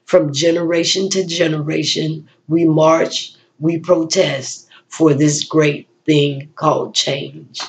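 A woman giving a spoken-word poetry recital and a personal reflection, with slow, measured delivery, pausing often and restarting phrases. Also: low voice.

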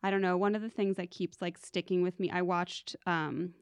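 A woman's voice: on the low side, fairly even intonation, normal speed, clear, resonant tone, dry recording, clean studio sound. A woman hosting a casual podcast conversation, talking bluntly and with animation, swearing freely.

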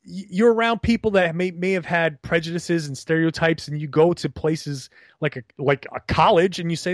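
Young man, trained neutral broadcast voice, fairly high pitch, chatty and animated, dry sound. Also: fairly quick, dry recording. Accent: neutral General American, trained. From Rhode Island. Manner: chatty, animated storytelling with restarts. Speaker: guest, broadcaster and blogger. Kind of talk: casual podcast interview.

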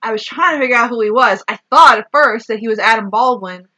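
A woman co-hosting a podcast, recapping a movie in animated, casual chat and swearing freely. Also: on the high side, quick pace. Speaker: podcast co-host.

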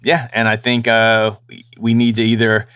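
A man's voice: lowish voice, monotone, moderate pace, a bit bright, clean tone, dry recording, studio quality. A young man who works as a combat sports journalist, chatting casually on a podcast, rambling with lots of restarts and the odd mocking impression.

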